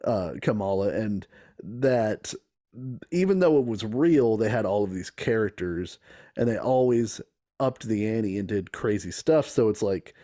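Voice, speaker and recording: A man's voice: fairly low pitch, expressive, unhurried, dark tone. A man co-hosting a comedy podcast, casually retelling a story with frequent laughs. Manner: laughs often, slips into impressions while retelling. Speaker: podcast co-host.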